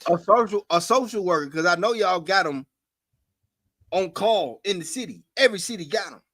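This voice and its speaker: A young man with a high, bright, forceful voice rants on a podcast, swearing freely and hammering the same questions again and again. His voice sounds close and dry. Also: lively intonation, moderate pace, no room sound. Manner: angry, profane, ranting with repeated questions. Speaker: podcast co-host. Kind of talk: heated casual podcast talk.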